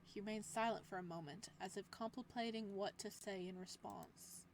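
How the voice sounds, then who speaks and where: A young woman playing through a horror visual novel, reading the narration and throwing in lively, jokey commentary. Her voice sits at a middle pitch and grows loud and animated during her asides. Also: moderate pace, few pauses, a little hiss or hum. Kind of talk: game playthrough narration with casual commentary.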